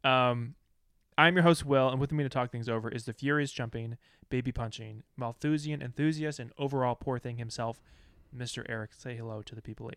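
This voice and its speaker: A man hosts a casual podcast in an upbeat, easygoing way, often laughing between lines. His voice sits at a middle pitch and sounds close and dry. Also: fairly even intonation, brisk, fairly bright tone, clear, resonant tone, dry recording. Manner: upbeat, laughing, reads lists of facts. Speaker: podcast host. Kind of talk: casual chat.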